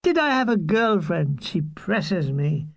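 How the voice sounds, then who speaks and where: A man's voice: high-pitched, very animated, slow, gravelly, dry recording. A man narrating a comic wartime memoir in a dry, wry storytelling manner. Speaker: audiobook reader.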